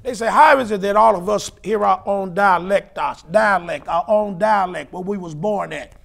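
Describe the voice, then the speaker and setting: A man preaching and teaching scripture, emphatic, rising to shouts and spelling out words. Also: sits high, normal speed, vocal fry. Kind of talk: sermon-style Bible teaching.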